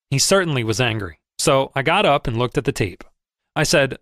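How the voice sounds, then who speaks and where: Expressive male audiobook narrator, lively pitch. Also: normal speed, no echo, studio quality. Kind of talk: first-person audiobook narration.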